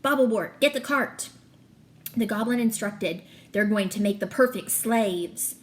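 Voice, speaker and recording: A woman reading aloud as a thin, scheming male goblin with a high, raspy voice. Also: measured pace, lightly acted.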